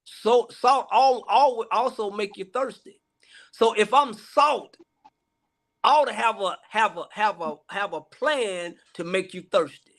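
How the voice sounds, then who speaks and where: A man's voice: high-pitched, measured pace, fairly bright tone. A man, a guest pastor talking casually with an emphatic, repetitive preaching cadence.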